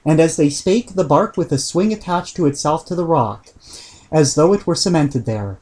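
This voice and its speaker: A man reading an old book aloud in a measured way, with occasional slips and throat-clearing. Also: a little high, animated, darkish tone. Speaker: reader.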